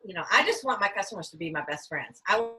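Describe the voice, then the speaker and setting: A woman's voice: medium pitch, lively intonation, quick pace, sharp tone, husky, poor audio. A woman giving an earnest sales talk on a video call and explaining her points with everyday examples.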